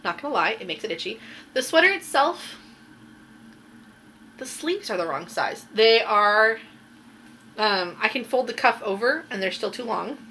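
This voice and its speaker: With a fairly high, expressive voice that is bright and forceful, this knitting podcast host speaks unhurriedly with long pauses. She rambles a bit and says um often while casually presenting her finished pieces in a show-and-tell chat, over slight background noise.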